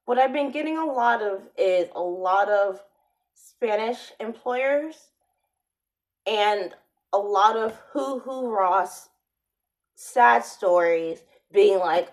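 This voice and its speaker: Woman, vlogger, casual monologue, sardonic, rambling, slow delivery. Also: medium pitch, rough recording. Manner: rambling, sardonic, with frequent restarts.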